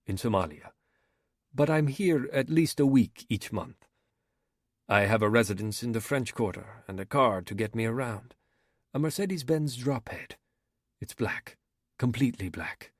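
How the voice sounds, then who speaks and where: A man reading an audiobook, voicing a smooth Somali pirate commander with an African accent, calm and proud. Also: medium pitch, dry recording, clean studio sound.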